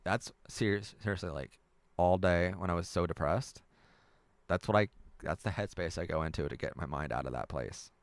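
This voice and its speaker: A young man hosts a relaxed live stream, reading out viewer comments and rambling between them with frequent laughs. His voice sits low. The sound is dry and close, with no room around it. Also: moderate pace, no room sound. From United States. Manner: rambling, chatty, laughs often.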